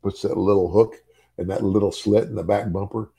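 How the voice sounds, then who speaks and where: Low gravelly older man telling stories. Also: steady tone, a little fast, warm tone. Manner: chuckles through his story, repeats words as he goes. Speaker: former professional wrestler. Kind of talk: casual storytelling.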